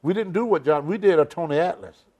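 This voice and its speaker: An older man with a somewhat high voice spins long, emphatic stories, dropping words and circling back to his point. He talks like a guest in a casual sit-down interview. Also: fast, a little mellow. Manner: rambling, emphatic storytelling with dropped grammar. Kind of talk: shoot interview storytelling.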